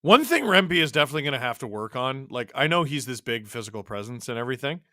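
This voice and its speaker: A man hosting a live stream, casually calling a hockey game and chatting, his voice worn a little deeper from long talking. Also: big pitch swings, fast, pushed and bright, no room sound, clean studio sound. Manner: chatty, reacting to the game and chat as it happens. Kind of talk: casual live play-by-play and chat.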